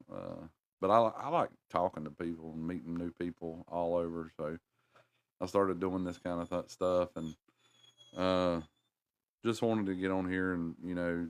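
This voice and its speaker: Casting: middle-aged Southern man from North Carolina, low smooth voice, rambling livestream chat. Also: no room sound. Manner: rambling, folksy, chuckling, talks to viewers. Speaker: livestream host.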